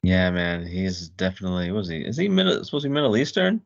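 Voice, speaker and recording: A man's voice: low voice, quick pace, vocal fry, no echo, highs cut off. A man co-hosting a podcast, chiming in casually about a film in a blunt, profane way. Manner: short agreeing interjections, blunt and profane. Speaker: podcast co-host. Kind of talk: casual movie discussion.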